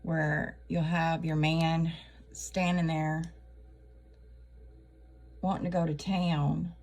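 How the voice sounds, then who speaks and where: A woman's voice: deep voice, level tone, takes it slowly, darkish tone, slight background noise. A middle-aged woman, hosting her channel with a wry, chatty comedic monologue and laughing at her own jokes. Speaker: channel host.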